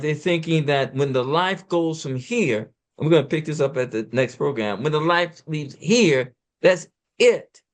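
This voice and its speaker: Fast, preacherly man discussing scripture. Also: fairly high pitch. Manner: preacherly, quoting scripture with emphatic swings; talks fast at times.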